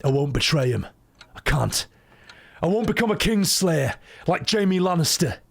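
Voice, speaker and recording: A man's voice: on the high side, very animated, moderate pace, creaky, pitched above the performer's own voice, heavily acted. A man voicing an earnest, conflicted young knight torn between loyalty and conscience.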